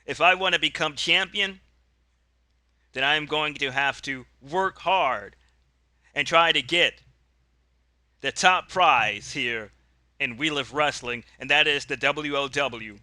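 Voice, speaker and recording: A man's voice: fairly high pitch, takes it slowly, long pauses, sharp tone, dry recording, full character voice. A man voicing a confident male pro wrestler who cuts a boastful promo in a tabletop game.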